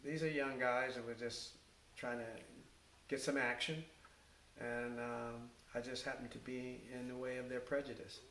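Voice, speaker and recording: An older man tells a story in a halting, unhurried way, dotted with fillers and restarts, and livens up whenever he quotes someone. His voice carries an echoey room sound, with a faint hiss behind it. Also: mid-range voice. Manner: halting, with many fillers and restarts, animated when quoting others. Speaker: retired firefighter recounting his career. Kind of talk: oral-history storytelling.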